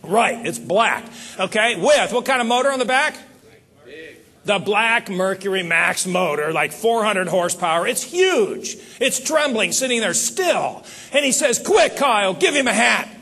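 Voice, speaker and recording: Animated, high-voiced male seminar speaker. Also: measured pace, slightly rough. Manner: animated, talks straight to the audience. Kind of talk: motivational sales seminar talk. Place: seminar stage.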